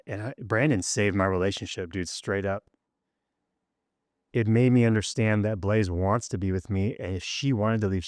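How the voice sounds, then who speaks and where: A man's voice: no echo, clean studio sound. A man, a rock drummer as guest, telling his story candidly and with emotion, acting out the people he quotes. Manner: emotional, acts out quoted dialogue with rising pitch.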